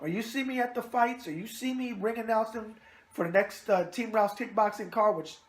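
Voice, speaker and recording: At a moderate pace and with a voice that sits high, a boxing web show host from New York chats through a casual video mailbag. His manner is brash, wisecracking and heavy on catchphrases.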